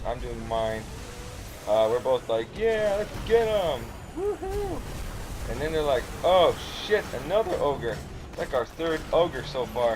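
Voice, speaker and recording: A man's voice: mid-range voice, background noise. Casual male gameplay commentator. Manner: casual, rambling, play-by-play. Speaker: gamer, channel host. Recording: game sounds behind the voice.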